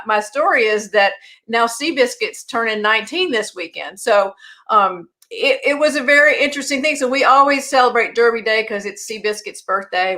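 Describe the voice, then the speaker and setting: A woman guest on a casual chat show, telling family stories in an animated way and laughing often. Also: a little high.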